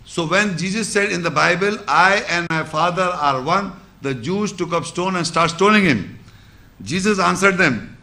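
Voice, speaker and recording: A man's voice: on the high side, bright, forceful tone. A man giving an Islamic religious lecture, explaining scripture with repeated phrases and rhetorical questions. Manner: recites Arabic verses quickly.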